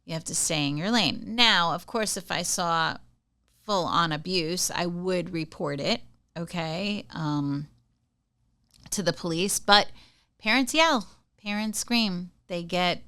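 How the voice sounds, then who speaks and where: A middle-aged woman hosts a podcast in a bright, crisp voice pitched a little low. She chats casually through personal stories and keeps checking in with the listener. The recording is dry and close. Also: takes it slowly, dry recording. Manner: chatty, tells anecdotes, often checks in with "okay?". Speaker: podcast host. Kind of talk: casual advice monologue.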